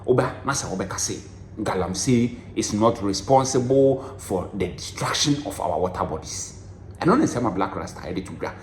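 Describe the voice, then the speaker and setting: A man with a Ghanaian accent presenting a brisk recap for a channel. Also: lowish voice, expressive. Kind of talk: news recap in Twi and English. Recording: roomy sound with faint noise.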